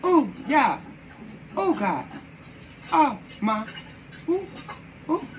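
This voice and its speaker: A woman's voice: high voice, extremely slow, a little hiss or hum, poor audio. A woman hosting a live podcast, exclamatory and incredulous, talking straight to her listeners. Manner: animated and incredulous. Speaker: podcast host.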